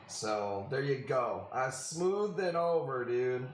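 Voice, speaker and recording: A man's voice: mid-range voice, slow pace, few pauses, a little hiss or hum. A man hosting a casual live stream, laid-back and slangy, greeting viewers by name. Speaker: live stream host selling corals. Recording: echoey room with faint ambience.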